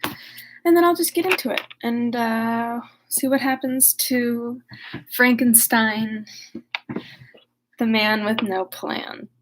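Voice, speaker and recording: A woman's voice: a little high, steady tone, slow, pauses often, slight background noise, rough recording. A woman recapping a classic novel casually in a chatty, wry way, full of fillers, then reading it aloud. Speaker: reader and discussion leader.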